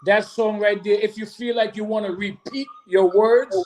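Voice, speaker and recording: A man being interviewed about making a song, animated and repetitive, who sometimes breaks into sung hooks. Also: high-pitched, normal speed, a little hiss or hum, poor audio. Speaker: guest musician. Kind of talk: storytelling interview.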